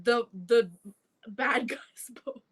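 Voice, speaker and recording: A woman plays her tabletop character with bossy, teasing threats. Her voice sits a little high. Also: takes it slowly. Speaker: player. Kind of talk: playing a tabletop game in character.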